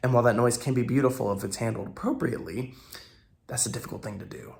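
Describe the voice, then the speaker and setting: A man with a tired early-morning voice, gravelly and full of fry, hosting a reaction video. He talks through his analysis thoughtfully and haltingly, stopping and restarting often. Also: mid-range voice.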